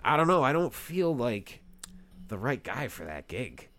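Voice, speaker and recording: A young man co-hosting a casual chat, telling stories with lots of swearing, laughter and quick voices for the people in them. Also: mid-range voice. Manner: profane, animated, laughing, does voices in anecdotes. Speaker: podcast co-host and musician.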